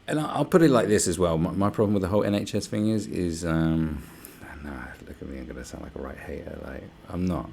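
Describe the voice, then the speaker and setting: A man's voice: low voice, quick pace, creaky, hardly any pauses, a little mellow, slight background noise. A young man ranting casually to camera, sarcastic and rambling, swearing often. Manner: swearing, rambling and sarcastic, slips into mock voices. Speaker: vlogger.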